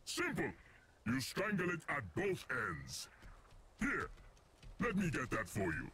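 A regal alien arachnoid fighter for a video game: boastful, formal, exotic alien accent, very sing-song. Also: male voice, on the high side, wildly swooping pitch, slow, sharp tone, slight background noise, full character voice.

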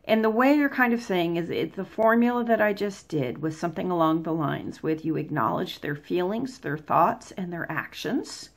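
A woman's voice: fairly low pitch, lively intonation, moderate pace, creaky, few pauses. Conversational woman explaining advice. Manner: conversational, plain-spoken, acts out examples. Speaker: vlog host giving life advice. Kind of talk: casual explanatory talk.

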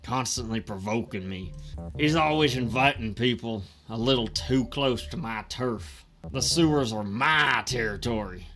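Game figure: hostile Southern sewer dweller, voiced by a streamer, gruff and slow. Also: mid-range voice, fairly bright tone, soft background music, lightly acted. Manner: threatening, growling, slow.

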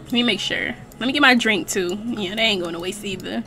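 A woman's voice: medium pitch, fairly quick, bright, forceful tone. A young woman chatting playfully through a life-sim game, laughing often, using slang and reading in-game text aloud. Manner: casual slang and swearing. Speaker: let's play gamer. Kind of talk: casual gameplay commentary.

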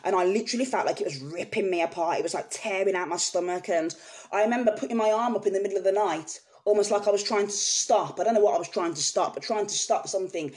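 A woman's voice: medium pitch, fast talker, darkish tone. A woman vlogger speaking candidly to her viewers, telling a personal story in an earnest, emotional way. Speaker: vlogger sharing personal experience.

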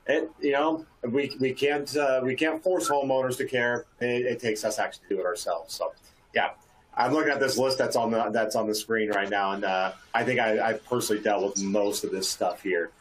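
A man's voice: mid-range voice, fairly even intonation, moderate pace, poor audio. A man who works in asbestos abatement, talking in an exasperated, ranting way with many restarts. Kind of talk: casual panel discussion.

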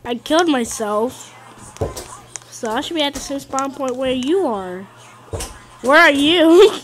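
A woman giving casual gameplay commentary, excitable, often yelling and taunting at the game. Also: high voice, measured pace, poor audio. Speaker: gaming video host.

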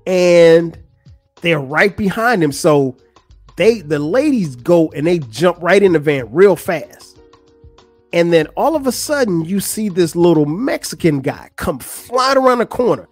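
Speaking a little slowly, a podcast host relates a funny story in a relaxed, animated way, raising his pitch as he imitates the people he quotes. The recording is dry, with faint music behind him.

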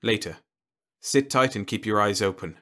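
A man voicing a calm, confident diplomat hero who speaks in a dry, clipped, assured way. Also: on the low side, moderate pace, close to an everyday voice. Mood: firm. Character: cool, unflappable male diplomat hero. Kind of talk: audiobook character voice.

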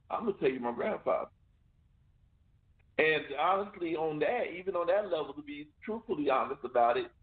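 A man hosting a radio talk show, speaking conversationally and often asking "you know what I'm saying". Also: a little high. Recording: tinny phone line.

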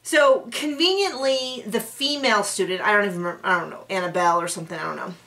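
A woman's voice: medium pitch, fast, bright, forceful tone, distant mic. A young woman recapping a reality TV episode in casual commentary, sarcastic and exasperated, now and then mocking people in put-on voices. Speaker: recap reviewer.

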